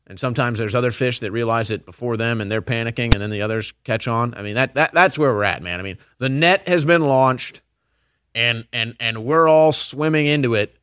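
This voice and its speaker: A man pours out a heated monologue as a commentary host, his tone bright and pushing. The sound is dry and close to the mic. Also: mid-range voice, a little fast, clean tone, dry recording. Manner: heated, ranting, addresses listeners as folks and man. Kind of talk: impassioned political monologue.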